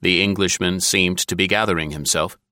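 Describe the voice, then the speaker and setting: A male audiobook narrator reads in a steady, measured way. His voice is low and deep with a bright, forceful edge, and the recording is dry and close. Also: no echo.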